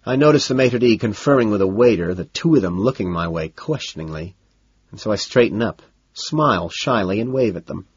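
A man narrating a novel in the first person with a cool, measured, low-key delivery. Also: expressive, breathy edge, dry recording, dull audio. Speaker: audiobook narrator.

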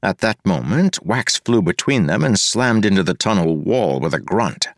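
A man giving scripted audiobook narration, reading fight scenes briskly. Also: low voice, very animated, no echo, clean studio sound.

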